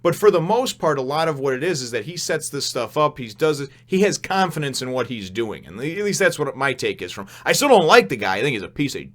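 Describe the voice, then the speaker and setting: Rambling, animated young man reviewing manga. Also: medium pitch, a little fast, few pauses. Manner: rambling, animated, many fillers and restarts, laughs often. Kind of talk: casual spoken review.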